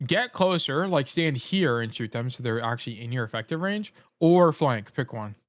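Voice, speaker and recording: Male game coach, mid-pitch, casual and blunt, swears a lot, talks while snacking. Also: expressive, moderate pace, dry recording, studio quality. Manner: blunt, swears freely, corrects himself often. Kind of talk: casual gameplay review coaching.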